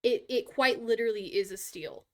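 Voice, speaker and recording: A woman's voice: fairly high pitch, normal speed, a bit bright. A young woman streaming live from her computer, chatting casually and rambling with frequent giggles as she draws. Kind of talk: casual live-stream chat while drawing.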